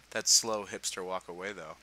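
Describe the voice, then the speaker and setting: A man's voice: low voice, pushed and bright, poor audio. A young man giving casual gameplay commentary, chatty and laughing, with playful sarcastic asides.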